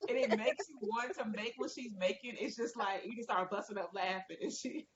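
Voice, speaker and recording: A woman taking part in an online class, telling a story in an animated, laughing way. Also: medium pitch, fairly quick. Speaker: class participant. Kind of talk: casual chat. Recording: lo-fi call with background noise.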